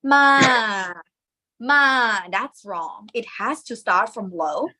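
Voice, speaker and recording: A woman's voice: mid-range voice, expressive, takes it slowly, sharp tone, husky. A woman with a Thai accent teaching Thai tones in a live online lesson, often checking in with "okay?" and singing syllables to demonstrate.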